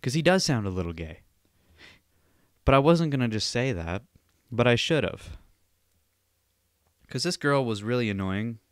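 A man's voice: fairly low pitch, smooth, dry recording, clean studio sound. A young man hosting a solo podcast, ranting and telling stories in a rambling, profane way. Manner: profane, rambling, animated storytelling. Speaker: podcast host.

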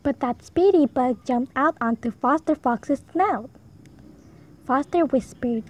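A woman reading a rhyming picture book aloud for young children, in a slow, sing-song read-aloud manner. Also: high voice, a little mellow. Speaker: storybook reader. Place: home.

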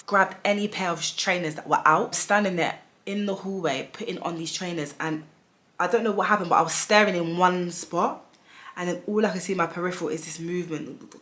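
A woman in her thirties tells a story to her vlog audience with animated, dramatic energy. Her voice sits a little low, and she keeps dropping casual fillers as she goes. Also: a little fast. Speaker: vlogger.

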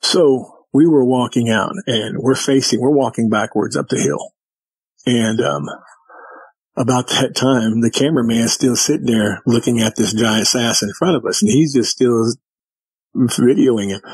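A man's voice: medium pitch, a little slow, breathy edge, dry recording, low-quality recording. A man, a guest, casually telling a story in vivid detail and acting out what people said. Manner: vivid retelling with quoted dialogue.

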